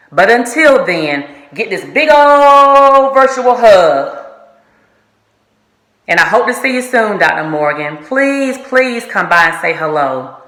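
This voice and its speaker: Lady giving a heartfelt goodbye, earnest, middle pitch, echoey room. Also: fairly bright tone. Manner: earnest, emotional, speaking straight to the listener. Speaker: ultrasound technologist. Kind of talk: heartfelt farewell message.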